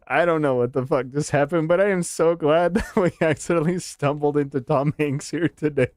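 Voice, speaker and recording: A man's voice: a little high, animated, normal speed, a little mellow, dry recording, studio quality. A man streaming a game, chatting casually in a rambling, self-mocking way. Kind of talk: casual live game commentary.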